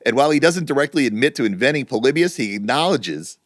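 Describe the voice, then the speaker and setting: A middle-aged man co-hosting a casual podcast, telling stories with lively energy and free swearing. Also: mid-range voice, quick pace, no echo, studio quality. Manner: animated storytelling, swearing freely. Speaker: podcast co-host. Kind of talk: casual chat.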